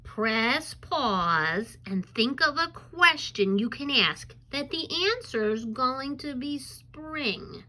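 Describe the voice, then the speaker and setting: A woman teacher giving a recorded reading lesson to young children, encouraging them to answer aloud and pausing on "um" fillers. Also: high-pitched, animated, pushed and bright, low-quality recording. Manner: coaxing and encouraging, asks pupils to answer aloud; frequent um fillers while explaining.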